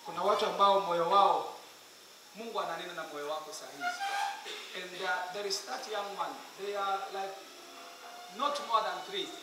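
A man with a Kenyan accent preaching an altar call in a large hall, pleading and urgent, rising at times to shouts. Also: sits high, moderate pace, long pauses. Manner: urgent, pleading, switching between English and Swahili, swelling to shouts. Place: large echoing hall at a school meeting. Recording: echoey hall from far off with music.

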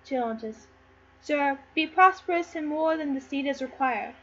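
A woman reading the part of a loyal, grave older lord in an amateur play read-through, speaking in a hushed, solemn way. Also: high-pitched, a little slow. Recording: slightly muffled with faint noise.

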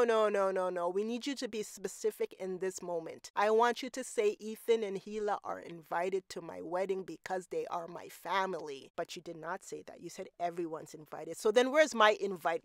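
A woman's voice: medium pitch, dry recording, studio quality. A woman hosting a reaction commentary, talking emphatically and repeating her points for effect. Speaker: commentary channel host. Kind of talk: reaction commentary on podcast clips.

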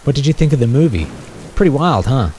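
A man's voice: medium pitch, big pitch swings, fast, dark tone, a little hiss or hum, pitched above the performer's own voice, natural voice. A man reading a story aloud, lightly raising his voice to play a teasing young woman who is the listener's girlfriend.

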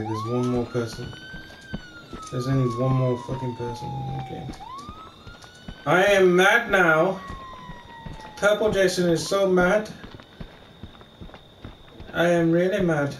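A man's voice: high-pitched, huge pitch swings, unhurried, long pauses, slight background noise. A man playing a video game and commenting live, grumbling and swearing in frustration as things go wrong. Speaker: gamer playing the killer. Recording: echoey room with loud game sirens.

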